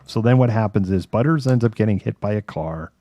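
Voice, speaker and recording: A man talks casually on a live online show, with a lowish, mellow voice recorded close and dry. He rambles, restarts his sentences and swears now and then. He jumps into quick character voices as he retells a story. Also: no echo. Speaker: podcast co-host.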